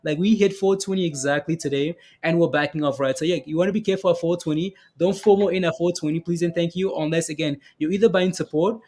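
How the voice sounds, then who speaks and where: A man's voice: a little high, fast talker, hardly any pauses, darkish tone. A man giving casual live-stream commentary on stock charts, chatty and repetitive, often asking "right, guys?" and reading viewer comments aloud.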